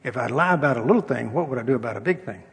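A man's voice: mid-range voice, lively intonation, very fast, vocal fry, husky. An older man, a pastor, preaching a sermon in a folksy storytelling way, with humor and acted-out dialogue. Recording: long reverb of a hall.

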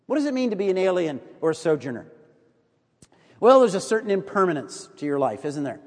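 A middle-aged American man preaching a sermon in a storytelling manner, sometimes dropping to a hush for emphasis. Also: sits high, very animated, a little fast, in a large hall. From United States.

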